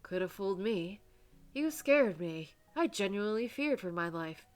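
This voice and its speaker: A woman's voice: mid-range voice, animated, normal speed, natural voice. A woman voicing a wounded giant male guard who is loyal and protective, speaking earnestly and resolutely.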